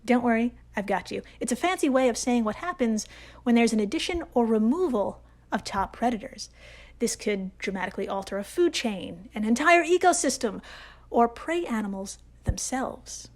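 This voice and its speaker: A woman's voice: fairly high pitch, lively intonation, normal speed, darkish tone. A woman hosting a comedic science podcast, talking in a playful, jokey way with swooping emphasis. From United States. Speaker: podcast host.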